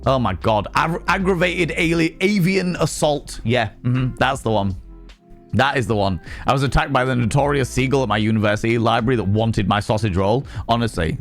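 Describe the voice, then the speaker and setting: A man's voice: medium pitch, fairly quick, soft background music. A young man streaming live, chatting casually with a jokey, profane, rambling manner as he reads chat aloud.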